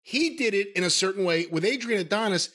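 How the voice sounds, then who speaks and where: A man's voice: high-pitched, expressive, fairly quick, a bit bright. A man in casual podcast chat, making brief, matter-of-fact remarks.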